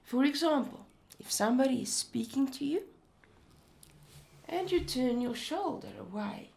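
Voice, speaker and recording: A woman presenting an educational talk in a slow, deliberate way. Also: sits high, animated, gravelly, a little mellow.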